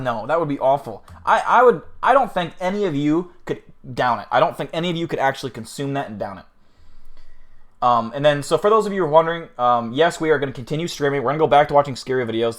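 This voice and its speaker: A man's voice: mid-range voice, expressive, fast talker, a bit bright. Rambling, cursing male streamer. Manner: rambling, profane, self-deprecating. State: flustered after eating something awful. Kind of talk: casual live-stream chat.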